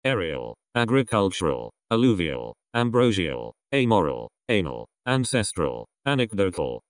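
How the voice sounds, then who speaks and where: Low-voiced man reading word lists. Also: no echo, clean studio sound. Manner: reads single words one by one, evenly spaced. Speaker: vocabulary reader.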